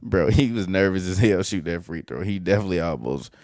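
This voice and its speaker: A man co-hosting a podcast, reacting live to a basketball game with excitable, profane mock play-by-play. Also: low-pitched, quick pace, dry recording. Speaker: podcast co-host.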